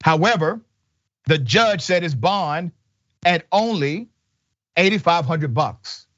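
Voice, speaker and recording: A man's voice: a little high, lively intonation, slow, a bit bright, muffled recording. A man hosting a news commentary show, emphatic and indignant, speaking in short punchy sentences. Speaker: show host.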